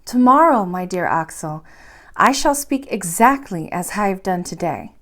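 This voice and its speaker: A woman voicing a gentle but brave young woman who speaks softly and sweetly. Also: mid-range voice, unhurried. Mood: earnest. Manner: soft, sweet and steady.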